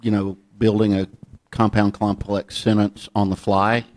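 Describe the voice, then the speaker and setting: A man from Georgia with a Southern accent, interviewing a guest in a relaxed, rambling storytelling way. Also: fairly low pitch, a little slow, dry recording. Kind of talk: casual interview chat.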